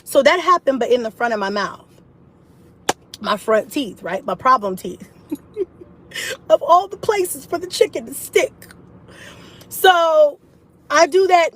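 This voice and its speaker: A woman talking straight to her viewers in a casual, animated vlog, swearing freely as she tells her story. Her voice sits high and swings widely in pitch as she talks. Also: low-quality recording. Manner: animated and profane, with laughs. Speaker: vlogger telling a personal story.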